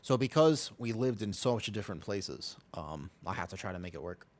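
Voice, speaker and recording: A young man chatting casually on a gaming stream, drifting between a personal story and the game. He rambles, restarts and repeats lines. His voice swings widely in pitch from low mutters to high bursts. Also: expressive, a little fast. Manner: rambling, self-interrupting storyteller, repeats himself.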